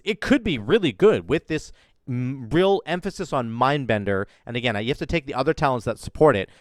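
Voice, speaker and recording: A man's voice: medium pitch, no echo, clean studio sound. Upbeat man narrating his gameplay. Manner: enthusiastic, explains while playing. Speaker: gaming content creator. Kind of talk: gameplay commentary.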